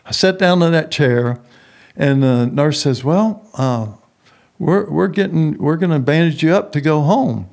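A man's voice: on the high side, a little slow, creaky, darkish tone. A middle-aged man, a prison ministry founder, telling a personal story in an interview and acting out the voices of the people in it.

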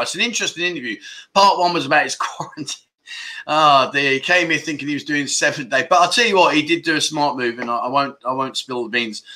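A man's voice: mid-range voice, bright, forceful tone. A man hosting a casual livestream chat show, reading out viewer comments with lots of laughter and mock-grumbling banter.

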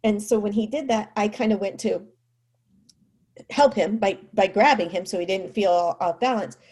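A mother tells a personal story casually, her speech full of "like" and "you know," animatedly acting out what people said. Her voice is medium-pitched and slightly rough, at a moderate pace.

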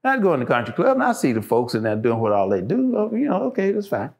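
A man's voice: medium pitch, huge pitch swings, fast talker. A man, a show guest, talking passionately and emphatically, repeating phrases to drive his points home. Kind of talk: impassioned casual talk.

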